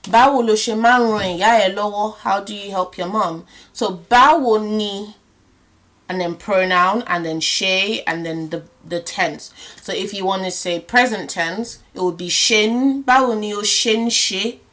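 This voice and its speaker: A young woman teaching a casual language lesson, laughing often and slowing down to spell out example phrases. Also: medium pitch, a bit bright.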